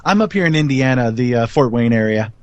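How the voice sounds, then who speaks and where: A man in casual chat, rambling through a long explanation with animated asides. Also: mid-range voice, a little fast, no echo, muffled recording.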